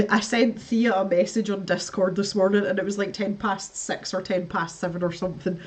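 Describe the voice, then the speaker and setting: A woman's voice: mid-range voice, steady tone, moderate pace. A woman hosting a casual live stream, chatting to her viewers as she builds, laughing often and muttering to herself. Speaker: livestream host.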